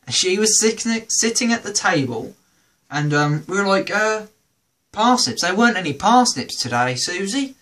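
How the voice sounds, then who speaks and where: A man's voice: high-pitched, normal speed. A man with a British accent hosting a comedy show, performing a stand-up routine and acting out the voices of people in his stories. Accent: British English. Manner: animated, acts out quoted voices. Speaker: comedy podcast host.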